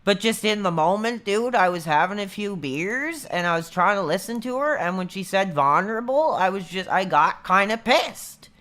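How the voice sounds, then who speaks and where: A man's voice: sits high, animated, moderate pace, few pauses, bright, forceful tone. A man in his thirties chatting casually on a livestream, rambling and laid-back, calling everyone dude. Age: 30s. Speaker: streamer.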